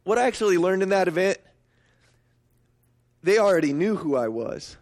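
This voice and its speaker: A middle-aged man preaching a sermon, emphatic and storytelling, swinging up to excited peaks. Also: moderate pace. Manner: storytelling, emphatic, rising to high excited pitch. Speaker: pastor.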